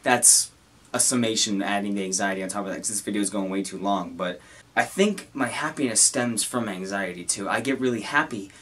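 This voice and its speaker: A young man talking to camera about his own feelings, halting and earnest, with many restarts. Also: lowish voice, a bit bright. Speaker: content creator. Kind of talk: personal talk to camera.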